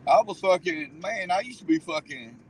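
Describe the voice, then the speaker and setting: A man's voice: high-pitched, moderate pace, a little hiss or hum, low-quality recording. A man telling stories in a car, cursing freely and laughing at himself. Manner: profane, laughing storyteller. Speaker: guest riding along. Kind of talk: casual chat.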